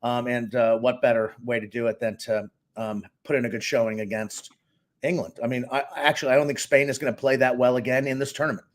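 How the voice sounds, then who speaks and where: A middle-aged man from Boston, co-hosting a casual sports podcast and giving opinionated, animated takes. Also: medium pitch, a little fast. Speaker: co-host and sports analyst.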